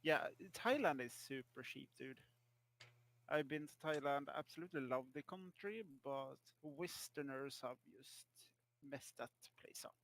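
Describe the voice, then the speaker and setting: A man's voice: mid-range voice, unhurried, fairly bright tone, poor audio. A man in casual chat who agrees and asks curious questions. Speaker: chat partner.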